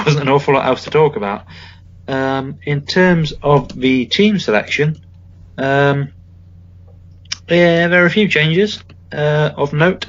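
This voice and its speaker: A man's voice: medium pitch, highs cut off. A man co-hosting a casual football podcast, talking in a wry, rambling way with joking asides. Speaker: podcast co-host.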